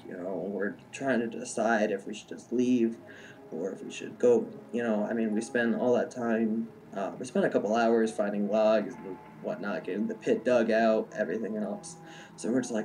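A man's voice: on the low side, steady tone, moderate pace, a little mellow, a little hiss or hum. A young adult man telling a personal story in a casual, rambling way, full of "like" and "um". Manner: rambling, heavy use of "like" and "um".

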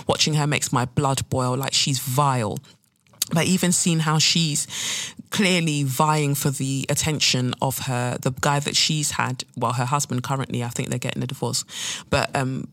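A woman's voice: low-pitched, no room sound. A woman hosting a casual solo chat, ranting and swearing as she talks. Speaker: podcast host.

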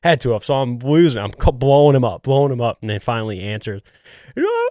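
Animated man telling a hunting story. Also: medium pitch, fast, no echo, studio quality. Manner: animated, acts out quotes, says "dude" often. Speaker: podcast host.

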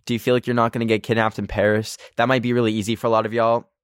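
A man's voice: mid-range voice, flat delivery, rapid-fire, clean tone, no echo, clean studio sound. A young man hosting a casual solo podcast, anxious and rambling, full of filler words. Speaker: podcast host.

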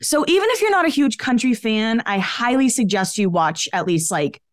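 Woman, podcast co-host, gossipy casual chat, lots of "like", fairly high voice, dry sound. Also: lively intonation, normal speed, dry recording. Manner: chatty, gossipy, frequent "like" fillers. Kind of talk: casual pop-culture chat.

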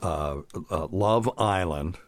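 A man's voice: sits low, slow pace, dry recording. A middle-aged man co-hosting a casual medical podcast, chatty and jokey as he reads from his notes. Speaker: podcast co-host, doctor.

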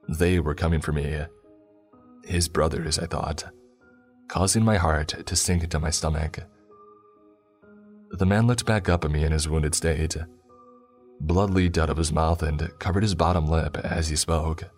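A man narrating a first-person horror story in a steady, measured way. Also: extremely low pitch. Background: faint music.

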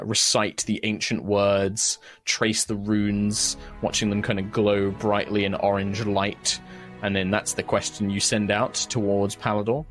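A man acting as game master, reading spell rules and narrating the scene, with slow pauses and filler between descriptions. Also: fairly low pitch, a bit bright. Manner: reads spell rules briskly, slows for vivid scene description.

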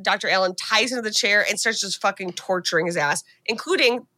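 A woman podcast co-host recapping a movie in a casual, profane, animated storytelling way. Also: medium pitch, fairly quick.

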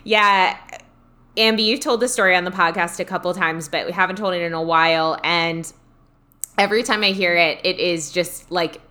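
Podcast host, woman, lower voice, bright tone, reflective and enthusiastic. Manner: reflective, enthusiastic, reads listener comments. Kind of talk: casual chat.

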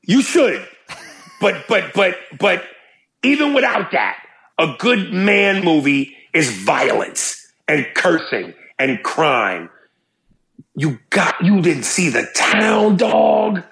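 Gravelly, cursing podcast host. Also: male voice, a little high, takes it slowly, reverberant. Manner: profane, animated, rambling. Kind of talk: casual chat.

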